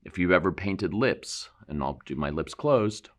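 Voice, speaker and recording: Painting instructor, man, deep voice, relaxed explanatory studio demo. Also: measured pace. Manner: relaxed, explanatory, thinks aloud while painting, self-deprecating asides. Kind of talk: painting demonstration.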